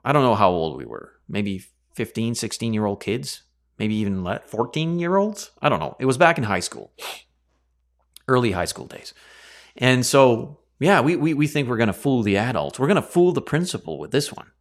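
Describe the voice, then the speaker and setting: A man's voice: mid-range voice, big pitch swings, normal speed. A man teaching a Bible study, telling a story in a casual, rambling way with chatty asides and self-corrections.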